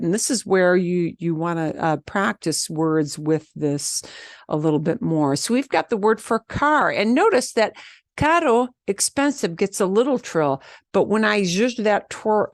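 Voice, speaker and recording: A woman's voice: lowish voice, no echo, clean studio sound. A woman from the teaching a beginner Spanish lesson, patiently repeating words and drilling the trilled R. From American Southwest.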